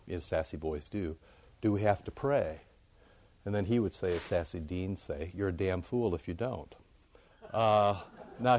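A man giving an informal, conversational sermon to his congregation, jumping up high in pitch to make a point. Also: no echo. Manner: conversational, animated, rises high for emphasis. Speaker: pastor.

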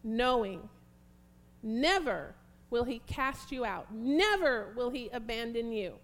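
A woman preaching a fervent, prayerful sermon, reading scripture slowly and emphatically. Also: fairly high pitch, lively intonation, a bit bright.

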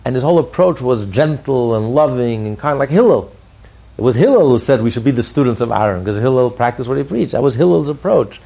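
Man, rabbi giving a Torah class, gravelly husky voice, emphatic repetition. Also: mid-range voice, expressive, brisk, mellow. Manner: builds emphasis through repeated phrases. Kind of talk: Torah lecture.

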